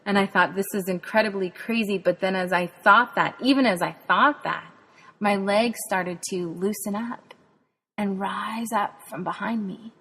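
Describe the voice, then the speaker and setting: A woman's voice: mid-range voice, a little slow, gravelly, a bit bright, slightly rough. A woman from Texas, a podcast host and spirituality author, earnestly tells a personal faith testimony in a reflective way. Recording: long hall reverb.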